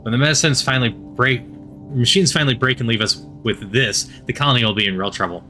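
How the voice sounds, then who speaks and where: A man's voice: medium pitch, fast, bright, forceful tone, faint music behind, close to an everyday voice. A man voicing a bitter, scowling woman scientist-doctor who talks in a clipped, disdainful way.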